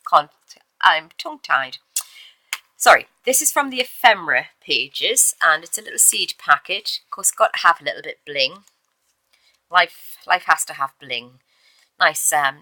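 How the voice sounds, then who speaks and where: A woman's voice: on the low side, pushed and bright, no echo, poor audio. Woman, chatty show-and-tell, fillers, dry close sound. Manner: chatty, with fillers and self-corrections. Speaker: crafter showing a handmade journal. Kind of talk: casual show-and-tell video.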